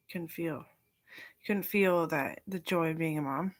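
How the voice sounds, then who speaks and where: Young woman, low voice, dry close sound, rambling, profane, slips into whispers. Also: normal speed, no room sound. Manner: meandering and profane, drifting into soft whispers. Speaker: vlogger. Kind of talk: rambling casual monologue.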